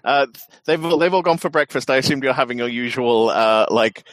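A man runs a tabletop horror game over a call, chatty and quick to laugh, often restarting his sentences. His voice sits at an ordinary pitch, recorded close and dry. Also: a bit bright, no room sound. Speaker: game master.

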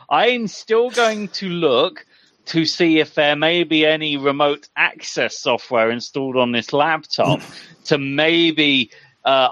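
A man's voice: fairly high pitch, pushed and bright, dry recording. A man playing his character in a tabletop game, talking hesitantly and chuckling to himself. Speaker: player. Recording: dull lo-fi mic.

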